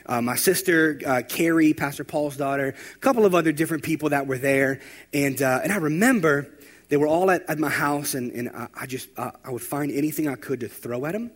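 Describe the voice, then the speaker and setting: Man preaching a lively sermon. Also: on the high side, a little fast. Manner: storytelling, rising to loud emphatic preaching. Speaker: pastor.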